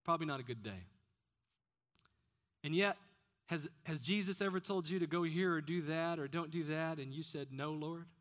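A man's voice: fairly high pitch, steady tone, moderate pace, a bit bright. A man preaching a sermon as pastor, often putting questions to the congregation.

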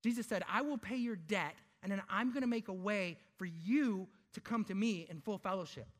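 A man preaching a sermon, emphatic, asking rhetorical questions and slowing down to stress key words. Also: high-pitched. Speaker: pastor.

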